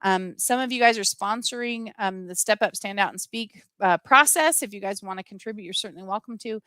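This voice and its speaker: Bright, earnest middle-aged woman livestreaming. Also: medium pitch, a little fast, clear, resonant tone, dry recording. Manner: earnest, impassioned, reads out viewer comments. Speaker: livestream host. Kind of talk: live-streamed personal talk to viewers.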